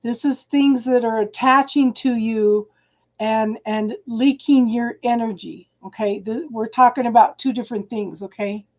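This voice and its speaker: Warm-voiced woman giving a live tarot reading. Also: fairly high pitch, steady tone. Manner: halting and repetitive, restarting phrases and calling viewers hun. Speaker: tarot reader. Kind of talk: live-stream tarot reading, talking to viewers.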